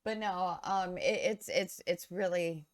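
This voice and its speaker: A woman co-hosting a podcast, chatting casually and rambling, often losing her train of thought and filling pauses with "um.". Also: lowish voice, steady tone, no room sound, studio quality. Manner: filler-heavy, self-correcting. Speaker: podcast co-host. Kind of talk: casual live-stream chat.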